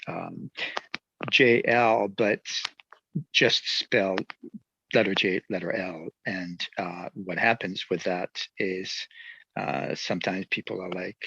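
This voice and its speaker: A musician with a French accent, telling stories in a casual interview, animated and laughing often. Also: male voice, on the low side, vocal fry, husky, no echo, highs cut off. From near Geneva. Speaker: musician guest.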